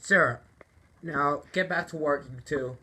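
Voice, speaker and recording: A man's voice: fairly high pitch, slow pace, bright, forceful tone, slight background noise, heavily acted. A man voicing a stern male railway boss who hedges with many ums and wells, over background music. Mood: calm. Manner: hesitant, full of ums and wells.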